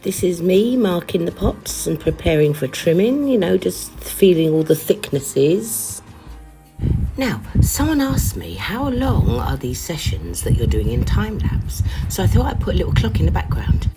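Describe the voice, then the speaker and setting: A woman's voice: on the low side, sing-song, measured pace, music in the background, rough recording. A woman potter narrating her own pottery vlog in a chatty, playful way, dropping jokey asides as she goes. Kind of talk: casual vlog voice-over narration. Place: Saint Lucia.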